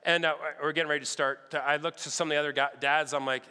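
A man preaching, telling a lively story and acting out the people in it. His voice is slightly high, bright and forceful, with a smooth, resonant tone. It rings out with the long reverb of a large hall. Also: fast talker. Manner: animated, acts out other people's lines. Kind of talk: sermon storytelling.

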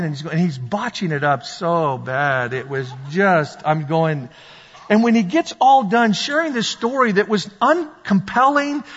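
A man preaching a sermon as pastor, animated and storytelling, sometimes shouting at the peaks. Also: sits high, breathy edge. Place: church sanctuary. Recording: dull sound in a large reverberant hall.

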